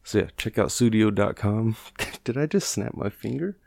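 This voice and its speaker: A deep, mellow-toned man hosts a podcast, talking loosely and swearing a lot. He rambles and laughs at himself, and his voice sits close and dry on the mic with no room sound. The talk is relaxed, unscripted chat. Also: normal speed, vocal fry, no echo. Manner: profane, rambling, self-mocking. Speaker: podcast host.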